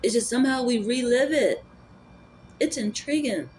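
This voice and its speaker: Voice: mid-range voice, animated, normal speed, slight background noise. Rambling, musing spiritual vlogger. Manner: rambling, musing, with repeated fillers; energy and spirituality talk. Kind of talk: casual reflective monologue.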